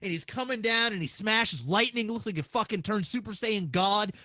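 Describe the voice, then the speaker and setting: High-voiced excitable man. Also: moderate pace, dry recording. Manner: excitable, profane, many restarts. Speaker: podcast host. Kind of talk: casual podcast chat.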